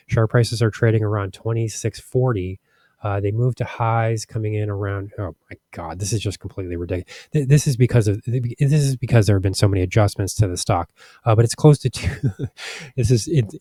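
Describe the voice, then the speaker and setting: A man with a warm, lowish voice, recorded in studio quality with no room sound. He hosts a stock market channel, offering casual commentary over charts, speaking frankly and with exasperation, with many restarts and fillers.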